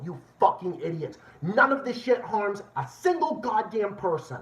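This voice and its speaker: A man's voice: high voice, big pitch swings, moderate pace, few pauses, a little mellow, recorded from a distance. A man hosting a livestream, ranting angrily and swearing as he repeats his points. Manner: angry, swearing, repeats himself. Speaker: livestream host. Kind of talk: profane political rant. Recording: echoey room, dull lo-fi sound.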